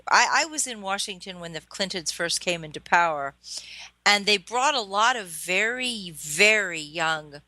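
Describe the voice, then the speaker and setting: A woman in her fifties hosts a radio interview and reacts to her guest with short exclamations. Her voice is bright and edged, at an ordinary pitch. It sounds close and dry, with no room echo. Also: lively intonation, a little slow. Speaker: radio show host.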